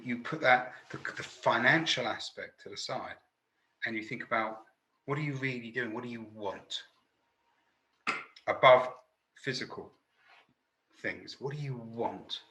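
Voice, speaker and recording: A man's voice: medium pitch, bright, forceful tone, reverberant, a little hiss or hum, poor audio. A man who works as a sales trainer, hosting a webinar in a chatty, jokey, self-deprecating way. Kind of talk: casual webinar talk.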